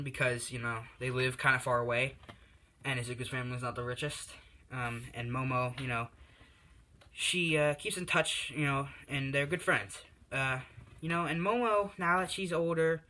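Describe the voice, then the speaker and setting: Young guy telling a fan story, lots of "um" and "you know", bright voice. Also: on the high side. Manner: rambling, heavy on fillers. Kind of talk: casual fan story retelling.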